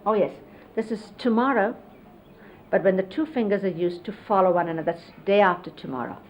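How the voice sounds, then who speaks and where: A disciple, a middle-aged woman with a mid-range voice, talks a little fast as she casually remembers a spiritual teacher and explains hand gestures. Fillers come up often, and the dull 1970s videotape audio has a faint hiss.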